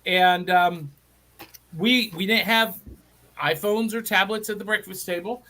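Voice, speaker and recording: A man's voice: sits high, unhurried, sharp tone. A middle-aged man from Middle Tennessee hosting a live online show, chatty and enthusiastic with frequent restarts. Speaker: host.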